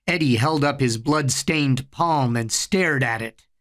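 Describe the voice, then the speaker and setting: A storyteller giving a slow, dramatic reading of horror fiction. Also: mid-range voice, fairly bright tone.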